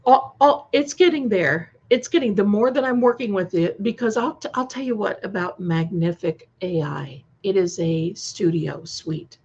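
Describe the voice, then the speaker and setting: A woman's voice: mid-range voice, normal speed, few pauses, darkish tone, breathy edge. A woman chatting casually on a live stream, reacting to viewer comments with many restarts. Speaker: co-host of a live stream premiere chat. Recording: slightly dull lo-fi sound.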